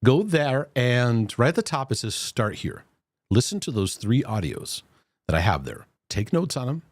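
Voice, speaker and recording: Male livestream host, casual and talkative, animated delivery at an ordinary pitch. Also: normal speed, dry recording. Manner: chatty, greets viewers by name, loose restarts. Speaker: host of a Christian mental health livestream. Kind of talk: casual live-stream talk.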